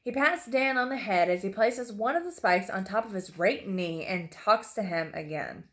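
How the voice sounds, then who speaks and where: Woman narrating a dark horror story. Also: mid-range voice, lively intonation, normal speed, few pauses. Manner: reads with occasional slips and apologies.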